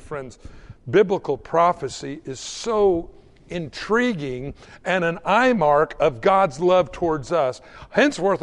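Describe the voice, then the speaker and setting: A man preaching a sermon in a high, bright register. His pitch swoops up and down as he slips into short, acted-out bits of everyday conversation, keeping the talk loose and conversational. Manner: conversational, acts out little everyday dialogues. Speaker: pastor.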